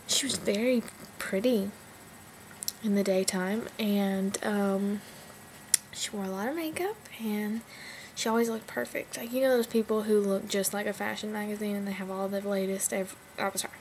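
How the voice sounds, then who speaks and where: A woman in her twenties telling a funny personal story in a chatty, animated way with big swings in pitch. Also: moderate pace, a little hiss or hum, rough recording. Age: 20s.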